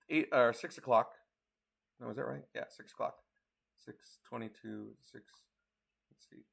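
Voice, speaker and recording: A man's voice: mid-range voice, a bit bright. A tired man from Colorado giving a casual live weather update, walking through forecast maps hour by hour. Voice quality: gravelly. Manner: talks through model maps, counting hours aloud. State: tired, yawning.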